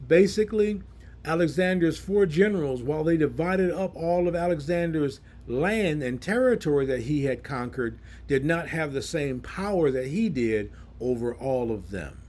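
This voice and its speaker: A man's voice: fairly high pitch, lively intonation, moderate pace, darkish tone. A man preaching a Bible teaching sermon, explaining scripture verse by verse in plain words.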